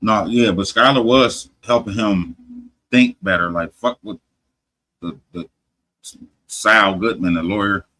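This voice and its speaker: A man hosting a podcast, retelling a story in casual profane talk, animated, swearing heavily and restarting often. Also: lowish voice, unhurried, pauses often, low-quality recording. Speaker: podcast host.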